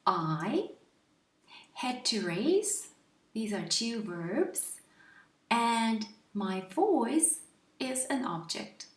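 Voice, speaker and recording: A woman's voice: a little high, echoey room, recorded from a distance. A woman teaching English grammar to viewers in a patient way, often stopping to ask them questions.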